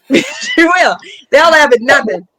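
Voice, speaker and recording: Lively joking woman, Atlanta accent. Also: high-pitched, slow pace. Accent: Southern US, Atlanta. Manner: animated, joking, slips into put-on voices. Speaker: comedian guest. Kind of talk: casual interview chat. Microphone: phone or video call.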